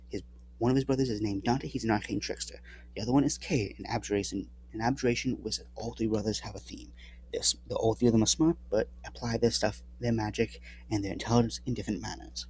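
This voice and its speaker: A man's voice: lowish voice, darkish tone, breathy edge. A man casually recapping his tabletop game campaign, rambling and often correcting himself mid-sentence. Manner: rambling with frequent restarts and self-corrections. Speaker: tabletop game player and channel host.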